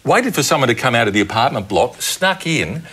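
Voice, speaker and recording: A man telling a lively anecdote on a comedy panel, laughing through his punchlines. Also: medium pitch, fairly quick, breathy edge. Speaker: panel guest. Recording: noisy TV studio audio.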